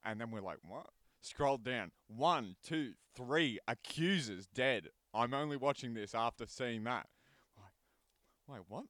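A man's voice: medium pitch, expressive, measured pace, fairly bright tone, no echo. A man co-hosting a podcast, laid-back and dry in casual chat, with some swearing. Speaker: podcast co-host.

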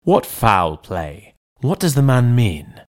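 A man voicing a composed lawyer who speaks in a low, measured, firm way. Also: very animated. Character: composed male lawyer, middle-aged, firm and calm.

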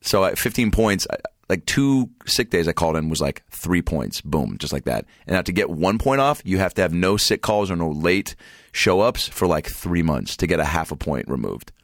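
A man from Seattle, a podcast guest, telling animated stories in casual chat, swearing freely and slipping into high put-on voices. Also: normal speed, no echo, studio quality.

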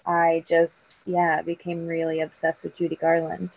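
A woman's voice: sits low, completely flat delivery, normal speed, creaky, darkish tone, no room sound. Bubbly woman, slightly dull sound. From United States. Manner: bubbly, self-deprecating, fillers like "like". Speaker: actress guest. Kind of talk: casual podcast interview.

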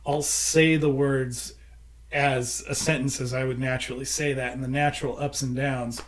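American man, casual chat, explains songwriting, hums examples, mid pitch. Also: level tone, normal speed, a little hiss or hum. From United States. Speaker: songwriter and producer. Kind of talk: casual conversation.

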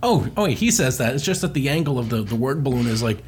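Animated man recapping a comic. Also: mid-range voice, fast talker, a little hiss or hum. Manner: animated storytelling, swears often, laughs. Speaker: podcast co-host. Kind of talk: casual comedic retelling.

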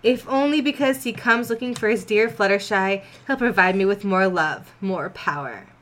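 A woman's voice: medium pitch, moderate pace, a bit bright, close to an everyday voice. A woman voicing a gloating, teasing villainous pony queen in a comedic fanfic reading. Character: sneering villainous insect-like pony queen, female.

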